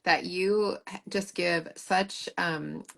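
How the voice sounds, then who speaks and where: A woman hosts a live video chat and reads out questions in an affirming tone. Her voice sits low with a gravelly texture. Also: fairly even intonation, slow. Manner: warm, affirming interviewer reading out questions. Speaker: host. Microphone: video call.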